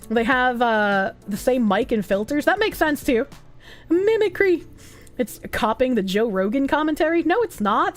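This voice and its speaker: A high-voiced woman streams casually, reading viewer comments while she rambles and jokes. She laughs a lot and swears often.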